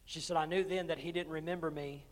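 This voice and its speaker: A male pastor preaching a sermon, telling a story and calling on congregation members by name, rising to impassioned peaks and dropping to soft pleading. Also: on the high side, steady tone, fast. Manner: storytelling that swells to impassioned shouting, then drops to soft pleading. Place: church sanctuary. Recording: reverberant church with music behind.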